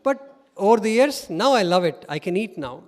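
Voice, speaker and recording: A middle-aged man with an Indian English accent, giving an animated storytelling talk as a guest speaker and laughing often. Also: sits high, moderate pace. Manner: animated, laughs often while telling stories. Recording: reverberant hall.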